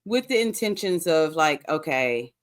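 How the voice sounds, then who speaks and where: A woman co-hosting a casual chat, blunt and quick to agree, with a lot of murmured "mm-hmm"s. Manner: blunt, frequent agreeing murmurs, lively pitch. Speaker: podcast co-host.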